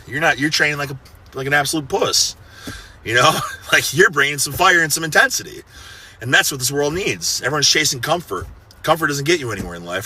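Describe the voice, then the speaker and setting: A man's voice: medium pitch, bright, forceful tone, husky. A man of thirty giving a casual, profane motivational pep talk, intense and full of gym bravado. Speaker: fitness personality giving a personal message.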